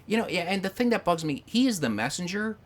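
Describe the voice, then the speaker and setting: A man in casual podcast chat, swearing often and telling animated stories with quoted voices. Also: high voice, quick pace. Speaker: podcast guest.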